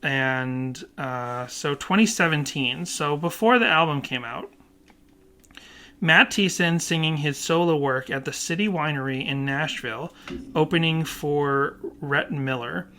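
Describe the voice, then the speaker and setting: A man co-hosting a casual podcast, animated and puzzled, often laughing as he talks. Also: fairly high pitch, a little slow. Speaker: podcast co-host.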